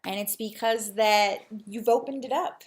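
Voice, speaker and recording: A woman's voice: medium pitch, a little slow. Young woman vlogging to camera, earnest and reflective, keeps restarting her sentences. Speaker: real estate agent and vlogger. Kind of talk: casual personal vlog.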